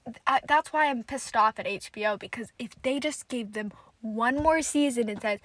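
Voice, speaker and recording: A woman's voice: on the high side, moderate pace, a bit bright, a little hiss or hum, poor audio. A young woman hosting a casual solo podcast, rambling and swearing freely as she rants in frustration. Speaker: podcast host.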